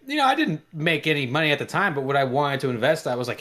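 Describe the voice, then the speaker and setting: A man co-hosting a podcast, telling a story in a lively way and acting out the people in it. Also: fairly high pitch, fast talker, few pauses. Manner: animated, acts out quoted voices. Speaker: podcast co-host. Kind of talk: casual storytelling chat.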